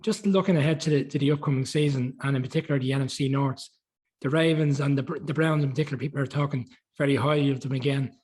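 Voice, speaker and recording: A man's voice: medium pitch, fairly even intonation, quick pace, a little mellow, husky, rough recording. A male host asking a long, rambling interview question with several restarts.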